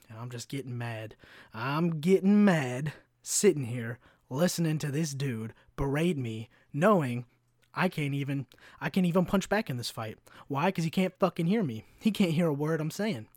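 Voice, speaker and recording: Young male podcast host, fairly high voice, dry close mic, swears freely and vents about work. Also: darkish tone, no room sound. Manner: profane, exasperated ranting with acted-out quotes. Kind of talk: casual storytelling monologue. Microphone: podcast mic, no camera.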